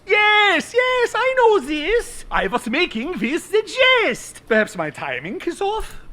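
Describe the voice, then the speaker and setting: A man's voice: extremely high pitch, wildly swooping pitch, takes it slowly, pushed and bright, exaggerated voice. An actor playing a polite, formal male mole companion with a prim, mildly pompous way of talking.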